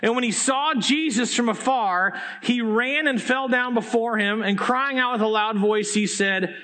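Pastor, male, very high voice, animated storyteller with casual slang. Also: measured pace. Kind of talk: sermon.

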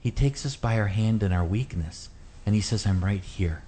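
A man's voice: lowish voice, moderate pace, a little hiss or hum. A man who is a pastor, earnestly preaching on a Bible passage during a radio discussion. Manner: earnest and animated, shifts to a hushed gentle voice when quoting God.

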